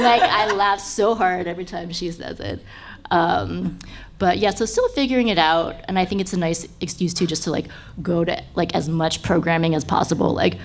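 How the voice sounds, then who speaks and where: A woman's voice: on the low side, normal speed, slight background noise. A woman in her thirties, a guest on a live podcast panel, talking casually with lots of fillers and frequent laughter.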